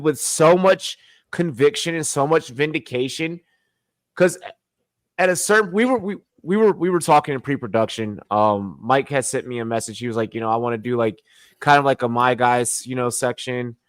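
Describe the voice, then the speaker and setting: A man hosting a casual sports talk stream, joking and animated. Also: dry recording. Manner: animated, joking, swings pitch widely. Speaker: podcast host. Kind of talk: casual chat.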